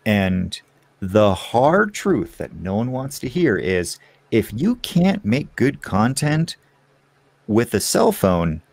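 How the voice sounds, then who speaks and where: A man guesting on a podcast, chatting casually and telling candid, animated stories. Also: mid-range voice, slow, creaky, husky, no echo.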